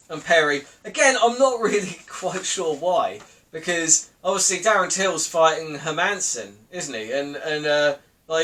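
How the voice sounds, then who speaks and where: A young man talks through the week's news in a loose, rambling way. His voice sits high for a man, and he laughs and swears as he goes. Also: bright, forceful tone. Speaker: podcast host. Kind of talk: casual solo commentary.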